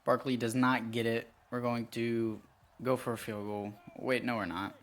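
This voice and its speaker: Flat in delivery and mid-range in pitch, a young man talks at a moderate pace over a football video game. As a gaming YouTuber, his commentary rambles, turns self-critical, and spills into frustrated outbursts.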